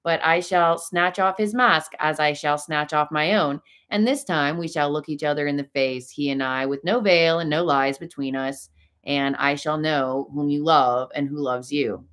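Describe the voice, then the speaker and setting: A woman's voice: low voice, fairly quick, a bit bright. Raoul, a woman reading as a jealous young man. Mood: angry. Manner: heated, sarcastic outbursts.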